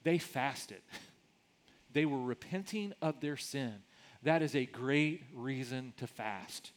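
A man's voice: medium pitch, takes it slowly. A middle-aged man, a pastor, preaching a sermon in a conversational way, often repeating words as he starts sentences.

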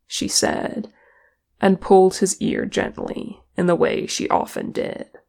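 A calm, measured narrator reads a fan fiction story aloud as an audiobook. The delivery is unhurried, and a heavy, gravelly vocal fry runs under the voice. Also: medium pitch. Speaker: audiobook reader.

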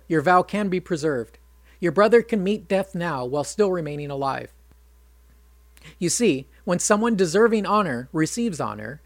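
A narrator voicing a calm, wise divine counselor who patiently lectures. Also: mid-range voice, no room sound.

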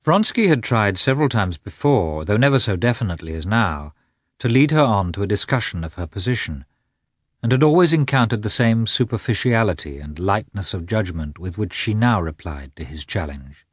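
Deep, expressive male audiobook narrator. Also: husky, no room sound, clean studio sound. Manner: measured, expressive storytelling. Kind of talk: scripted narration of a classic novel.

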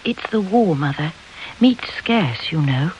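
Reader doing a soft, anxious spinster. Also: medium pitch, animated, slow, muffled recording, slight background noise. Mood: timid. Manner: soft, hesitant. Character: anxious, timid middle-aged spinster daughter.

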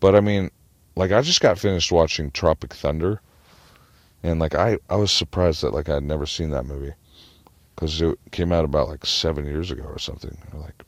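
A man's voice: very deep voice, fairly quick, no room sound. A man telling a rambling comedic story in a meandering way, with lots of "like" fillers and casual profanity.

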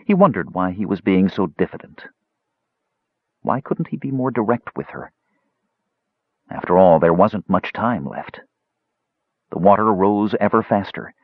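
Man narrating audiobook, very deep voice, lively intonation, husky, dull dry sound. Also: dry recording. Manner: measured storytelling, lively intonation. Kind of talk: scripted narration. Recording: dull dry close-mic audiobook recording.

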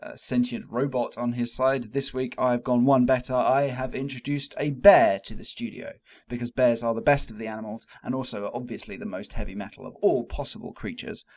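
Deadpan mock-formal podcast man. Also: medium pitch, fairly quick. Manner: deadpan, mock-formal, chatting to an imaginary guest. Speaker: podcast co-host. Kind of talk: comic podcast introduction.

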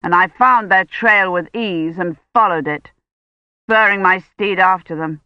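A woman's voice: fairly low pitch, a little slow, no room sound, highs cut off, close to an everyday voice. A woman doing a pompous young knight boasting. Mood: boastful. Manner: grand, declaiming storyteller tone.

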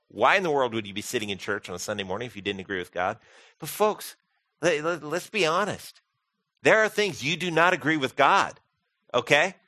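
A man preaching a sermon as pastor, animated and humorous, acting out quoted voices. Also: mid-range voice.

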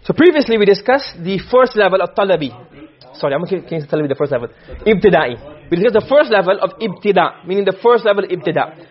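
Guy teaching a class, high voice, keeps asking "okay?", muffled recording. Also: expressive, fast talker. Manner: repetitive, checks understanding often. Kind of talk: classroom lesson explaining a text. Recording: dull lo-fi recording.

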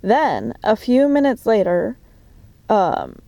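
Agitated swearing woman, mellow dry voice. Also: on the high side, wildly swooping pitch, vocal fry, no room sound. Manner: agitated, suspicious rambling with frequent swearing; many fillers and halting restarts. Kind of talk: casual monologue to camera, diary-like. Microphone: phone.

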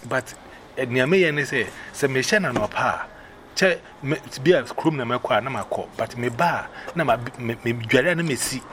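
A man with a Ghanaian accent telling a personal story in casual, animated speech, acting out the voices he quotes. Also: mid-range voice, normal speed, background noise.

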